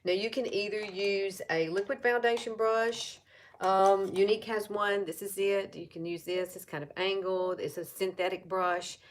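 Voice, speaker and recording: A woman's voice: medium pitch, fairly even intonation, moderate pace. A woman in her fifties with an Alabama Southern accent gives a chatty, casual makeup tutorial, often repeating herself and talking straight to viewers. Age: 50s. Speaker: makeup seller and vlogger.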